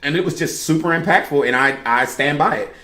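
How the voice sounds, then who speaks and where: A woman on a podcast panel, telling her story in an animated, emphatic way in casual chat. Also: low voice, a little fast, echoey room. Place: podcast studio room.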